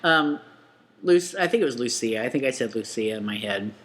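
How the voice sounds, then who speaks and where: A woman co-hosting a podcast, chatting casually about books in a laid-back, joking way, with quick short replies. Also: rumbling low, lively intonation, fairly bright tone. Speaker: podcast co-host. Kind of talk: casual book chat.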